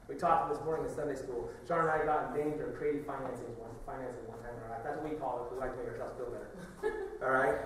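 A man's voice: medium pitch, slight background noise. A middle-aged man, a pastor, preaching a conversational sermon full of questions and asides. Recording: echoey church hall, from a distance.

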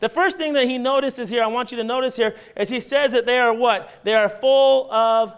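A pastor delivers a sermon with a high, smooth, resonant voice. He talks in a relaxed, conversational way and slips in wry humor as he tells a story. The sermon is given in a church. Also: moderate pace.

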